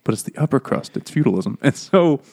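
This podcast co-host has a mid-pitched voice that's expressive, brisk, creaky and slightly mellow. Joking and laughing frequently, he acts out quotes from characters during a lighthearted book discussion.

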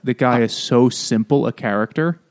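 A man co-hosting a casual book podcast, animated and joking. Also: mid-range voice, normal speed. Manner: animated, mocks villain voices. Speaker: podcast co-host. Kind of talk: casual chat.

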